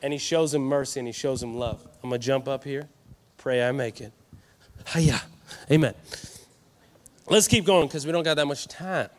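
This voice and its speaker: A man preaching an energetic sermon at a youth conference, animated and joking with the crowd. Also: mid-range voice, moderate pace, long pauses. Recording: live hall reverb.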